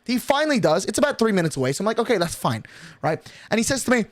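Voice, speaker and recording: A young man streamer telling a story in casual chat, animated and swearing a lot, from his bedroom at night. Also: high-pitched, racing, no echo, clean studio sound. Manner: animated, swearing, excitable rant.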